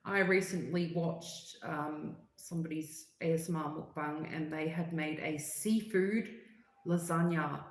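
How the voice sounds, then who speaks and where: A woman's voice: low voice, a little slow, roomy sound, poor audio. A woman hosting a livestream, chatting casually and reading out viewer comments in a rambling, filler-heavy way. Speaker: livestream host.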